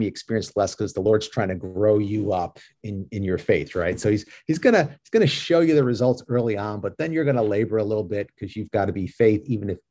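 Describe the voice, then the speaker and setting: New york guy, guest on an interview, low warm voice, talks earnest and restarts a lot. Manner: earnest, with frequent restarts and "you know". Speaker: guest, ministry leader. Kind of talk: casual interview chat.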